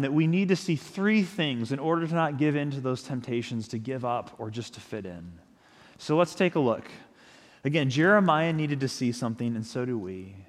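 A man preaching a sermon as pastor, speaking in a reflective, conversational way with small restarts. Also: on the high side. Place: church sanctuary. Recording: long church-hall reverb.

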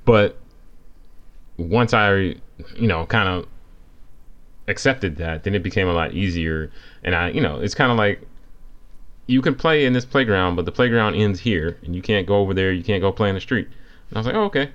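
Deep-voiced man chatting casually. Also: moderate pace, pauses often, dull audio. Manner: relaxed, rambling with fillers. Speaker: co-host, designer. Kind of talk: casual podcast chat.

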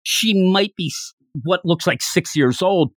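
A podcast co-host in a casual manga discussion, telling the story in an animated way and often acting out what the characters say. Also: medium pitch, a little slow, no echo, clean studio sound.

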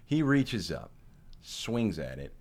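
A man's voice: fairly low pitch, very animated, slow pace, a little mellow. A man co-hosting a casual chat, telling a long story with laughs, swearing and frequent restarts. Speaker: podcast co-host.

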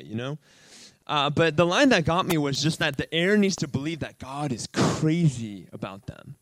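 Man, church testimony, earnest, rambling, high voice, dry close recording. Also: no echo, low-quality recording. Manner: earnest, animated, rambling with restarts. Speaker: church member giving a testimony. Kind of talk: informal sermon sharing.

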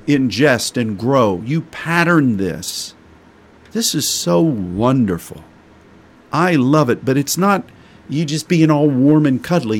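A middle-aged male preacher delivering a sermon in a folksy manner. He speaks slowly and deliberately, with a mid-range voice. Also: mid-range voice. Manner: folksy, with homespun sayings.

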